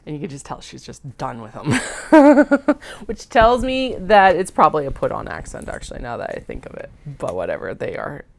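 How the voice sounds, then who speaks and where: Low-voiced chatty Western Canadian woman. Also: very animated, a little fast, vocal fry, hardly any pauses. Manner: rambling, chatty, frequent fillers and uptalk. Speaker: sewing livestream host. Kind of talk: casual livestream chat.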